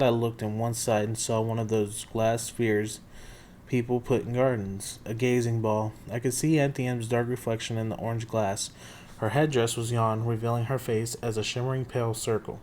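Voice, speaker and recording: A man's voice: medium pitch, a little mellow. Male reader, plain storytelling, faint hum in the background. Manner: plain storytelling with occasional slips and restarts. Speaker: narrator. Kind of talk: amateur audiobook reading.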